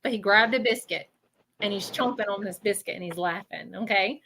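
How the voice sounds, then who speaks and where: A woman's voice: mid-range voice, fairly quick, gravelly, background noise. A woman working as a psychic medium, giving a live reading in a chatty way and checking in with 'okay?'.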